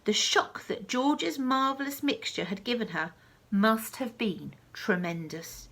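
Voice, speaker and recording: A woman reading a children's story aloud, with slow, expressive delivery and hushed asides. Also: fairly high pitch.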